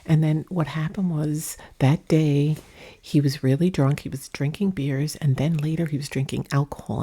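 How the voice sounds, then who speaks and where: Low, gravelly-voiced woman vlogger. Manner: talks low and soft, rambling. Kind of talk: casual storytelling. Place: indoors at home, under a ring light. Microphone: mic set up in front of her.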